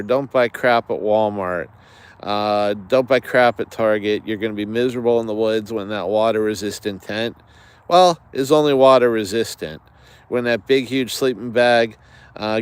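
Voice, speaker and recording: A man's voice: mid-range voice, clear, resonant tone. A man hosting an outdoors channel, rambling chattily to viewers in a livestream from the woods. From United States. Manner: chatty, digressive, many fillers, greets viewers.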